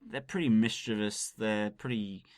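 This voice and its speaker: A man with a slightly low voice talks enthusiastically as a podcast co-host. He explains scenes and slang at an easy pace, with the odd "um" along the way. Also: fairly even intonation, moderate pace, no room sound, clean studio sound. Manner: enthusiastic and explanatory, describing scenes with some fillers. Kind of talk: casual podcast chat.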